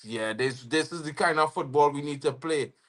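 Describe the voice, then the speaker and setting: A young Trinidadian man hosting a football watch-along livestream, slangy and excitable, bursting into shouts when his team scores. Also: fairly high pitch, normal speed. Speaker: football fan livestream host. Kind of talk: live match watch-along commentary.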